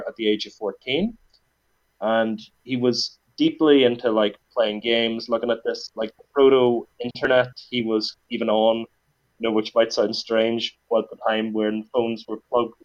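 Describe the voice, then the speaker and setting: Dry-joking Northern Irish man, dull lo-fi sound. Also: medium pitch. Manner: dry, joking, many fillers. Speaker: podcast host. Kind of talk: casual comedic podcast chat.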